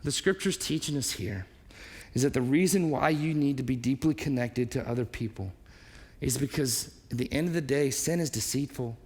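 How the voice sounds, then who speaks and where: A man preaching a sermon as a pastor, animated and conversational, acting out quoted voices and asking the congregation questions. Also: mid-range voice, normal speed. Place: church hall. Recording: long reverb of a large hall.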